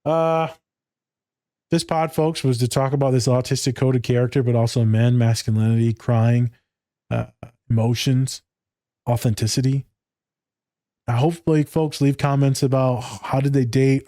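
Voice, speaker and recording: A man's voice: medium pitch, fairly even intonation, moderate pace, dark tone, no room sound, studio quality. A man in casual podcast chat, loose and candid, swearing freely and acting out conversations. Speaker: podcast co-host.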